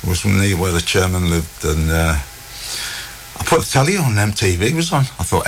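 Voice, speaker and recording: A middle-aged North East England man with a lowish voice, telling animated stories as an interview guest. A faint hiss sits under the recording. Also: moderate pace, creaky. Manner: lively storyteller, animated quoted dialogue. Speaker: guest, former footballer. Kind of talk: anecdotal interview chat.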